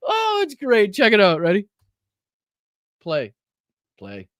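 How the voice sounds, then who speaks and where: A man's voice: high-pitched, wildly swooping pitch, slow pace, a bit bright. A man hosting a political podcast in a casual, mocking style, swearing freely and laughing as he comments. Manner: mocking, profane, laughs often. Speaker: podcast host.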